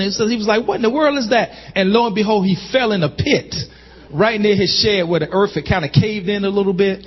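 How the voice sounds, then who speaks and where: A man preaches a sermon in a high, ringing voice, calling to his congregation and climbing into shouts. The sound is somewhat dull and lo-fi. His voice trails off in a long reverb, as in a large church sanctuary. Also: husky. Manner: call-and-response preaching, rising to shouts. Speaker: pastor.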